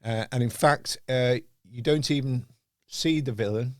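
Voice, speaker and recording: Male podcast host, mid-pitched, thoughtful and searching, dry close sound. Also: unhurried, no room sound. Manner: reflective, searching for words. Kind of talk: casual film chat.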